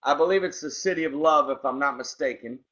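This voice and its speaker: A man's voice: fairly high pitch, fast, a bit bright. A male co-host in casual chat who enthusiastically greets listeners by name. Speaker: podcast co-host. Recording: dull lo-fi sound.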